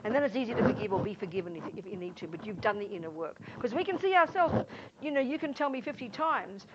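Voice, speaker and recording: Animated woman teaching, lo-fi recording. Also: mid-range voice, fast. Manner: animated, emphatic, acts out little scenes. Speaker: Buddhist nun teacher. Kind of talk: informal teaching to a class. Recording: dull lo-fi sound, faint noise.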